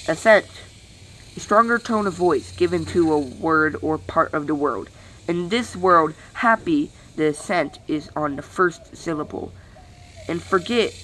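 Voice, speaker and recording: Slow, halting dictionary reader. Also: mid-range voice, fairly bright tone, a little hiss or hum, poor audio. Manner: halting, stumbling over words with weary sighs. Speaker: channel host reading aloud. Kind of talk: reading a dictionary aloud.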